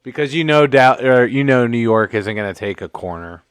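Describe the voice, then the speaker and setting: A man's voice: medium pitch, expressive, normal speed, smooth, no room sound. A man hosting a casual live sports commentary stream, joking and swearing as he rambles, a bit tipsy from drinks. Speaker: livestream host.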